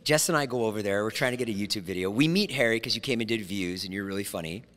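A man's voice: fairly low pitch, rapid-fire, a bit bright, in a large hall. A man in his forties hosting a podcast in a studio, telling rambling stories and laughing often. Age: 40s. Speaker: podcast host. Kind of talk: casual chat.

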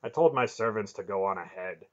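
A man reading an audiobook, voicing a blunt, hoarse male trader loudly and bluntly. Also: lowish voice, a little fast, muffled recording, natural voice. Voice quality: hoarse, gruff.

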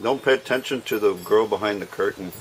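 A man's voice: fairly low pitch, a little fast, background noise. A man hosting a casual barbecue vlog outdoors, joking with the viewers and talking to the food as he cooks. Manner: folksy, jokey, talks to the food and the viewers. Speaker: backyard barbecue vlogger. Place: outdoors at a backyard smoker.

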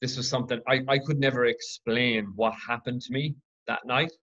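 A man from Ireland hosting his own podcast, telling a personal story in an earnest, reflective, halting way. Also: mid-range voice, fairly even intonation, fairly bright tone, highs cut off. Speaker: podcast host.

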